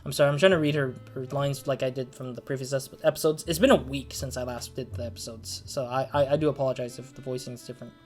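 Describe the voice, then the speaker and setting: A casual let's play host narrates a detective game at a mid pitch, reading its text and then wandering into asides. The delivery is rambling and self-conscious, full of restarts and apologies, with soft music in the background. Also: fairly even intonation, quick pace, hardly any pauses.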